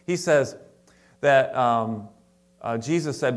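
A man preaching a sermon to his congregation in a conversational way, with restarts and asides, stressing words in sudden louder bursts. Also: mid-range voice, measured pace. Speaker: pastor. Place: church sanctuary before a congregation.

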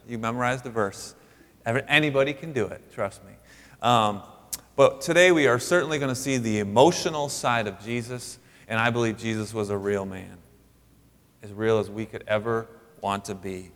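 A man in his thirties preaching a sermon as pastor, talking in a halting way with many fillers and restarts. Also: on the low side, a bit bright, big-room sound. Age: 30s.

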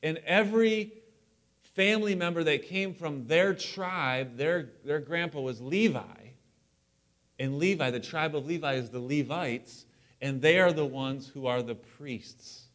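Animated pastor with a slightly high voice. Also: male voice, measured pace. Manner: animated, joking asides. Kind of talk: sermon. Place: church sanctuary.

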